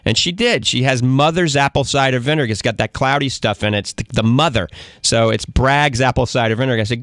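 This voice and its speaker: Man, Cajun New Orleans accent, radio talk host, folksy and chatty, mid-pitched voice, close dry studio sound. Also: quick pace, fairly bright tone, no echo. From Louisiana. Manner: chatty, folksy, keeps saying "all right?". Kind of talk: live call-in radio talk.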